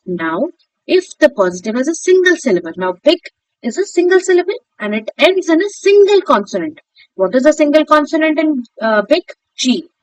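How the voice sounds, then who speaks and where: A woman teaching a grammar lesson, spelling words out slowly and asking and answering her own questions. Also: high voice, big pitch swings, dry recording, poor audio. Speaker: English teacher.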